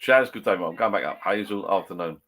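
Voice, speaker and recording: A middle-aged man chats on a live stream from his garden bar shed, reading viewer comments aloud in a rambling, blokey manner. His voice sits low and a bit bright, and he talks fast.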